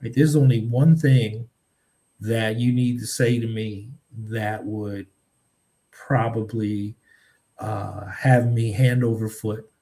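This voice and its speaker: A writer appearing as a podcast guest, with a slightly low-pitched male voice. He talks slowly and reflectively. He fills his pauses with soft ums. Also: steady tone, vocal fry. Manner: measured and thoughtful, with frequent ums.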